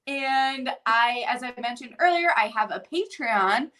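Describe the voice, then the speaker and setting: Bright high-voiced woman host. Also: animated, a little slow, few pauses. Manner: upbeat, plugs the show. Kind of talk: casual interview chat.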